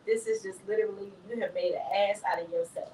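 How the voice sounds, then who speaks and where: A woman's voice: medium pitch, steady tone, fast, mellow. A woman co-hosting a podcast in casual chat, blunt and emphatic, leaning on the word "literally". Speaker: podcast co-host. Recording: roomy echo, distant mic, faint noise.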